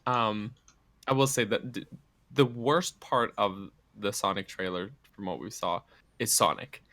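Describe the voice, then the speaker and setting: A man's voice: fairly low pitch, unhurried, fairly bright tone, no echo. A young man co-hosting a casual gaming podcast, laughing often and restarting his words. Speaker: podcast co-host. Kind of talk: casual chat.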